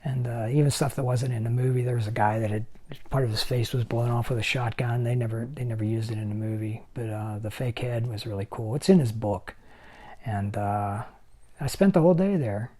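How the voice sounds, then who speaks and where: A man's voice: medium pitch, a little fast. A man in his sixties, a special effects makeup artist, telling anecdotes in an interview and acting out other people's lines as he goes. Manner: animated storyteller who acts out other people's lines. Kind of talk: anecdotal storytelling.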